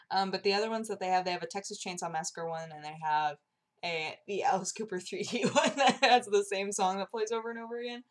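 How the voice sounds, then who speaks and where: A woman's voice: mid-range voice, fairly quick. A young woman vlogging in casual, bubbly chat, gushing with lots of "like", coughing through a sore throat. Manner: bubbly, gushing, heavy use of "like".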